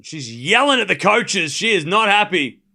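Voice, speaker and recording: Male stream host, tennis play-by-play, bright forceful voice, slightly high, excitable, chatty. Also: moderate pace, gravelly. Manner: excitable, shouts on big points, chatty and joking between rallies. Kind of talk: live play-by-play commentary with casual asides.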